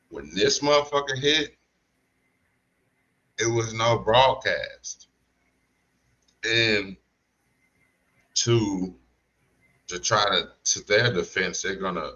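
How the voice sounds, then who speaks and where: A man talking slowly in slangy casual podcast chat, drawing out his points. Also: deep voice, pushed and bright, dull audio. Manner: slow, drawn-out storytelling with slang and restarts. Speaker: podcast co-host.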